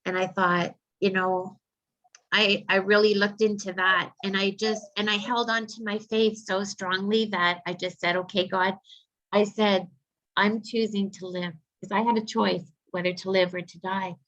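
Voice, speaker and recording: A psychic medium recounts a personal story earnestly and heartfelt in an interview, using many fillers. Her voice is medium-pitched and fairly bright, with a steady tone and measured pace, and the lo-fi recording sounds slightly muffled.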